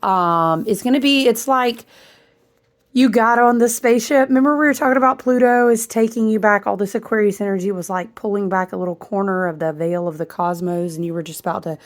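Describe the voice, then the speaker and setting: A woman's voice: mid-range voice, a little fast. A woman getting over a chest cold talks through a spiritual astrology chat, drifting from thought to thought. She stops to restart sentences and fills the gaps with "um" and "like". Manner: rambling, stream-of-consciousness, with many fillers and restarts. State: recovering from a chest cold, occasional coughs. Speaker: astrology and tarot channel host. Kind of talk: casual spiritual monologue.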